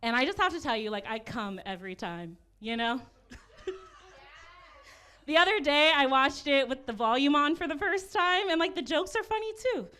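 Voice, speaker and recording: Bright-voiced self-deprecating comedienne. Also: female voice, high voice, lively intonation, normal speed. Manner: awkward, self-deprecating delivery with nervous laughs. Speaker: stand-up comedian. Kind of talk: stand-up comedy set.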